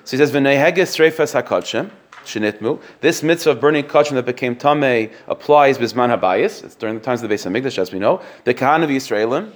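A quick-talking man leads a text-study lesson. He reads short passages aloud, translates them, and restates each point several times at a brisk clip, his voice sitting at an ordinary middle pitch. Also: animated. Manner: quick, explanatory, repeats phrases, reads Hebrew sources aloud and translates. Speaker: Talmud teacher. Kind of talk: text-based shiur lesson.

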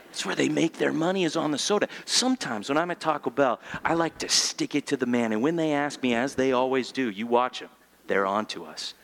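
A male pastor giving a sermon in church, joking and animated, asking the room rhetorical questions. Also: medium pitch, brisk, gravelly.

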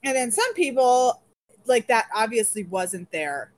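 A woman's voice: on the high side, measured pace. A woman in a casual group chat who rambles and restarts her thoughts as she talks. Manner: rambling, restarts often, animated.

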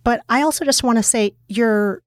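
A woman's voice: fairly high pitch, normal speed, dry recording, studio quality. A woman from the upper Midwest of the United States with an Upper Midwest accent, speaking candidly and emphatically as a podcast guest and author in an interview. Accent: Upper Midwest American. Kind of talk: interview conversation.

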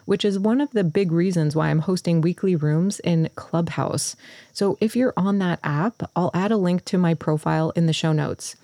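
A woman's voice: lowish voice, mellow, dry recording, clean studio sound. A woman hosting a podcast in her early morning voice, earnest and thoughtful as she talks through her thinking. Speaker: podcast host. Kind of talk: solo podcast introduction.

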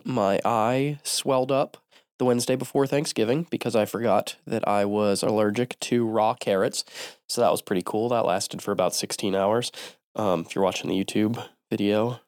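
A man's voice: on the low side, moderate pace, dry recording, studio quality. A man hosting a small business podcast, talking casually with a stuffy, nasal voice from a cold and lots of ums. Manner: relaxed, many ums and uhs. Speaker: podcast host. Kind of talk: casual solo podcast talk.

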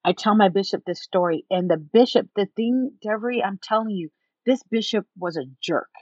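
A woman speaks as an interview guest, recounting her own experience in an animated way and slipping into the voices of people she quotes. Her pitch sits in a middle range. The recording is dry with no room sound and slightly muffled. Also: moderate pace, no echo. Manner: animated, acts out what others said. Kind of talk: personal storytelling in an interview.

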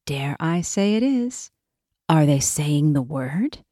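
A dark and ancient war goddess, voiced by a woman storyteller, speaks low and weary. Her scorn comes through in a dry, close-miked voice. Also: animated, takes it slowly, no room sound, exaggerated voice. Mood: hopeful. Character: brooding ancient female war goddess, disdainful.

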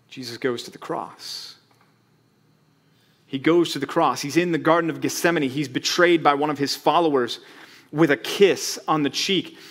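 A man's voice: medium pitch, a bit bright. A man preaching a sermon as pastor, conversational, asking rhetorical questions and acting out quotes.

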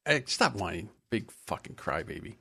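A man's voice: lowish voice, sing-song, normal speed, vocal fry, pushed and bright, slightly rough. A man co-hosting a podcast in casual banter, blunt and swearing freely. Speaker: podcast co-host.

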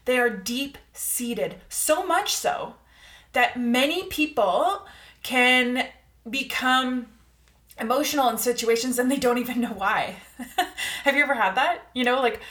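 Earnest woman coaching in an echoey room. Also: sits high. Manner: calm, earnest, coaching tone with frequent "all right?" check-ins; slow, drawn-out emphasis on key words. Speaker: podcast host. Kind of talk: reflective self-help monologue.

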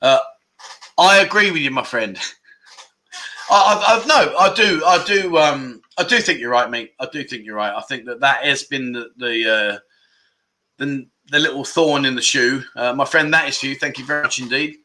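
A man hosting a casual livestream, chatting, joking and reading out viewer comments in a rambling, animated way. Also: medium pitch, normal speed, rough recording. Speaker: livestream host.

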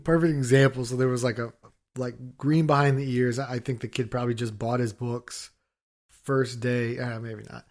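A man in casual conversation, telling rambling stories full of fillers and swearing, and acting out shouting coworkers. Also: medium pitch, fairly even intonation, normal speed. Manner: rambling storyteller, swears freely, filler-heavy; acts out other people's shouting in his stories. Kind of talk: casual chat.

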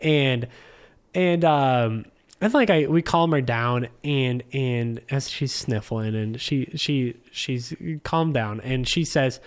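Sitting in his living room as a podcast guest, a man with a medium-pitched, unhurried voice spins out a long, rambling anecdote. He says "like" constantly and performs other people's lines in this casual storytelling chat.

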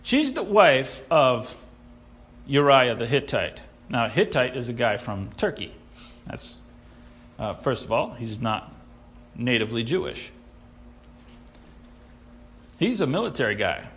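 A man preaching a sermon, animated and sarcastic, who acts out the people he quotes. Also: medium pitch, slow, pauses often. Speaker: pastor.

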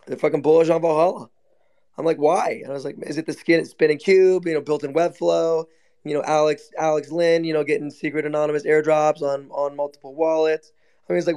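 A man's voice: fairly high pitch, fairly even intonation, fairly quick, darkish tone, clean tone. A man co-hosting a live audio chat, brash and mocking, swearing constantly as he rants. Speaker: co-host of a live audio room. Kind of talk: casual profane chat.

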